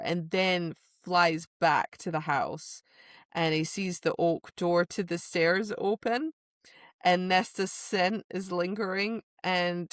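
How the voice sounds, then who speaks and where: A woman with a fairly low voice chats casually on a book podcast, recorded close and dry with no room sound. She retells scenes with animation, slips into quoted lines and laughs often. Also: a bit bright, dry recording. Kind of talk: casual book discussion chat.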